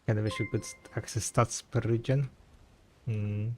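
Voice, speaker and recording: A man's voice: on the low side, steady tone, moderate pace, warm tone, slight background noise. A man live-streaming a game, chatting casually and thinking aloud, rambling and correcting himself as he goes. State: tired, yawning. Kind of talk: casual live-stream chat while playing.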